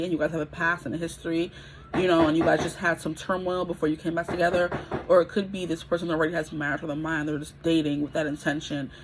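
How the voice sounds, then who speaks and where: A woman's voice: sits low, background noise. A woman in her twenties giving a casual pick-a-card tarot reading, chatty and rambling, often checking in with her listeners. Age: 20s.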